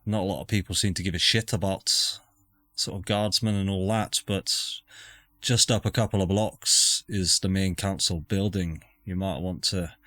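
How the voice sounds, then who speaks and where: A man doing a gruff Scottish-accented NPC with a bright, forceful edge and a low voice, drawling in a conspiratorial, folksy way. The recording is dry and close, with no room sound. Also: steady tone, moderate pace, dry recording. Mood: warning. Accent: Scottish, put on. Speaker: game master voicing an NPC. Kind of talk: tabletop role-play character voice.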